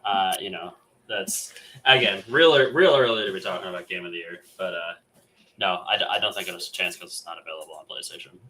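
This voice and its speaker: A man co-hosting a gaming podcast, chatting casually with lots of fillers and lively retellings. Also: deep voice, quick pace, a little hiss or hum, poor audio. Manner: rambling, many fillers, animated retelling. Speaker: podcast co-host.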